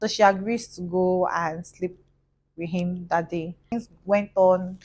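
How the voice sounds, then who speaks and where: A young woman with a Nigerian accent, telling a story to her channel in a gossipy, animated way. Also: lowish voice, a little slow, poor audio. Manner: animated, gossipy, acts out voices. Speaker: vlogger. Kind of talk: casual storytelling.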